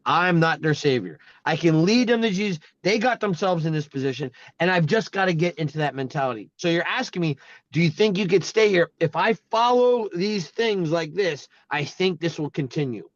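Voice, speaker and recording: A man with a high voice tells a personal story in a casual faith chat, animated and acting out each quote as he goes. The recording is dry and a little dull. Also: moderate pace, dry recording. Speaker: host.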